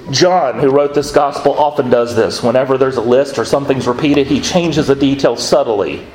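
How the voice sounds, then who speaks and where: A man preaching a sermon as a pastor, conversational in tone, with quick acted asides as he talks through scripture. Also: mid-range voice, darkish tone, echoey room, slight background noise, poor audio.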